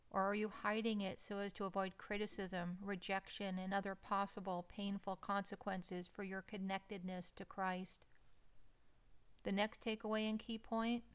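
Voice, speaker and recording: A woman delivering a slow, soothing, scripted devotional message. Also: medium pitch, clean tone. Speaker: devotional speaker.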